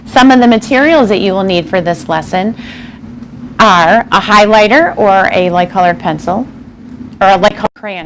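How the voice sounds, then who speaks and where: A woman teaching a phonics lesson to young children, slow and encouraging, sounding out words with exaggerated care. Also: medium pitch, slight background noise. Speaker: primary school teacher.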